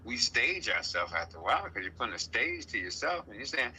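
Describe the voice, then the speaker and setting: A man giving a casual spiritual talk, playful and animated, often acting out other people's voices. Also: medium pitch, a little fast, slight background noise, poor audio. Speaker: guest speaker.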